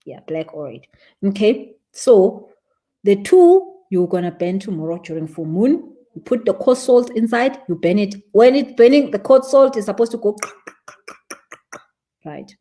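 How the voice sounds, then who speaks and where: A woman's voice: medium pitch, expressive, a little slow, warm tone. A South African woman, a spiritual teacher, explains a ritual step by step in a chatty live stream and laughs easily at her own examples.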